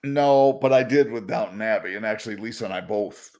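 A man's voice: fairly low pitch, a little fast, darkish tone. A man co-hosting a podcast in casual chat, easygoing and joking with frequent chuckles. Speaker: podcast co-host.

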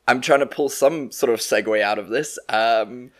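A man's voice: mid-range voice, measured pace, fairly bright tone. Brit male co-host, sarcastic banter, swears a lot. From United Kingdom. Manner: joking, sarcastic, swears freely. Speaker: podcast co-host. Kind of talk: casual chat.

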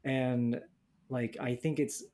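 A man's voice: medium pitch, steady tone, slow, dark tone. Blunt, sardonic young man chatting. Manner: blunt, profane, sardonic storytelling with mocking quoted voices. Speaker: podcast co-host. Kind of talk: casual chat.

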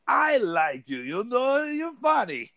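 A man's voice: very high-pitched, very animated, slow pace, pushed and bright, dry recording, pitched above the performer's own voice, exaggerated voice. A man imitating a friendly middle-aged Lithuanian man with a Lithuanian accent, teasing and jovial, in a dry recording.

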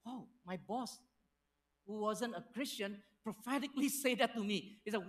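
Storytelling pastor preaching. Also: male voice, high voice, normal speed. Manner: storytelling with lively acted-out quotes, non-native phrasing. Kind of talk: sermon.

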